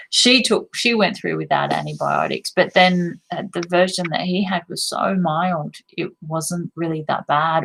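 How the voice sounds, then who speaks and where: A woman's voice: on the low side, poor audio. A young woman talking candidly to camera in a personal vlog, reflective and self-critical, with the odd curse word. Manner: frank, reflective, self-critical, occasional swearing. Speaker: vlogger.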